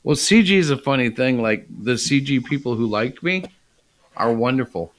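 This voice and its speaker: A man's voice: medium pitch, lively intonation, normal speed. A man hosting a casual podcast, talking in a chatty, reflective way and laughing often. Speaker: podcast host and comic creator.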